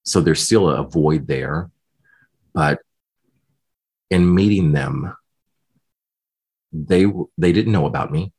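A man with a very low, husky voice tells his own story in an interview. He talks casually and keeps quoting what others said to him. His tone is low and rough at the edges. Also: slow pace, pauses often. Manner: animated retelling, voicing others in quotes. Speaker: guest.

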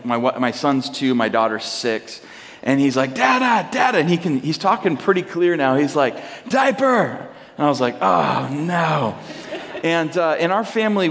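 A man in his thirties, a pastor, telling a lively personal story in a sermon and acting out his children's lines. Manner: animated storyteller, acting out his kids in a high voice. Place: church hall. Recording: long hall reverb.

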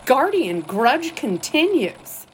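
A woman's voice: high-pitched, very animated, slow, noisy background, exaggerated voice. A woman playing a chirpy, playful society columnist. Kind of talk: audio drama acting.

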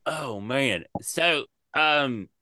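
A man's voice: medium pitch, drawn-out words, dry recording, studio quality. A man co-hosting a casual podcast, telling stories animatedly and riffing with jokes. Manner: animated storyteller, jokey riffs. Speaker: podcast co-host.

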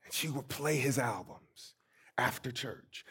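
A middle-aged man from St. Louis, a pastor giving a storytelling sermon, emphatic and swinging between soft and loud. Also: mid-range voice, measured pace, husky. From St. Louis, USA.

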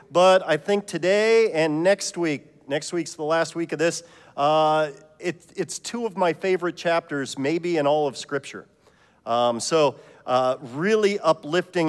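A man preaching a sermon as pastor, telling a joke story in a relaxed, conversational way. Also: fairly high pitch, in a large hall.

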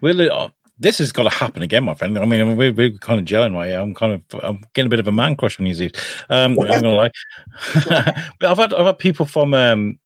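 A man's voice: medium pitch, animated, fairly quick, no echo, clean studio sound. A man hosting a podcast in casual chat, chatty, swearing freely and restarting often. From England. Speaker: podcast host.

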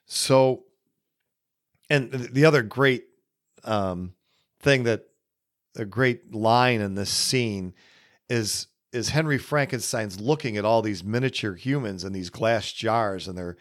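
Slow, musing man hosting a podcast. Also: on the low side. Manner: unhurried, musing, many pauses. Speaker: podcast host. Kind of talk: casual solo film commentary.

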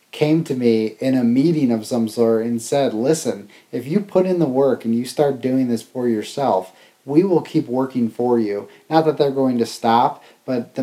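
Mellow-voiced man reflecting earnestly. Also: mid-range voice. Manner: earnest, halting with fillers and restarts. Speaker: travel vlogger. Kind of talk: reflective conversational recap.

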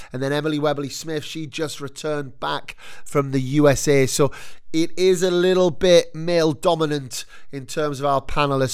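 A male podcast host with a smooth, clear voice pitched at a middle level. He talks in long, upbeat run-on lists. He sounds worn out after a long flight. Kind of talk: casual chat.

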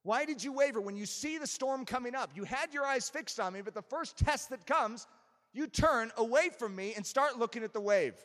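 A man preaching an impassioned sermon as pastor, building to forceful emphasis. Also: extremely high pitch, expressive, moderate pace, in a large hall.

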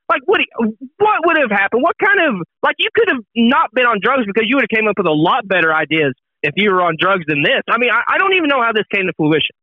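A man with a very high, lively voice rants on a golf chat show, exasperated and animated. The sound is thin and a little muffled, and dry with no room echo. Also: fast, few pauses. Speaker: podcast co-host. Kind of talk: casual chat.

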